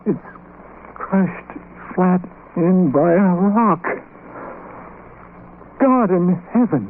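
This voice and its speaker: Innkeeper, stunned and halting, very slow, lively pitch; old radio drama sound, phone-thin and hissy. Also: male voice, narrow, tinny audio, full character voice. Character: gruff boarding-house keeper struck with horror. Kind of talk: 1930s radio acting.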